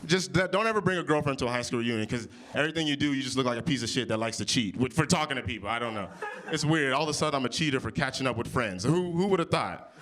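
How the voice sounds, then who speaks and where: A man in his early thirties doing improvised stand-up comedy on audience topics, with big jumps in pitch when he quotes people. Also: racing. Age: 30s. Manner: animated, jumps high for quoted voices. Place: comedy club stage. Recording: live venue with audience.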